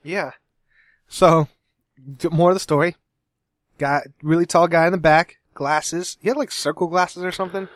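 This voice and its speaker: A man's voice: on the high side, steady tone, normal speed, pauses often, no echo, studio quality. A young man from Cincinnati co-hosting a podcast in casual chat, rambling and correcting himself as he goes. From Cincinnati, USA. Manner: rambling, self-correcting, laughs often. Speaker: podcast co-host.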